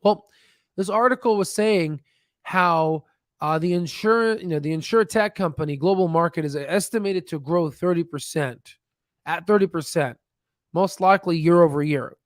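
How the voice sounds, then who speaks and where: A man's voice: fairly high pitch, moderate pace, dry recording, studio quality. A man hosting a stock channel, chatting casually and rambling with many fillers and restarts, laughing at himself. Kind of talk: casual livestream chat. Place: home desk with screen share.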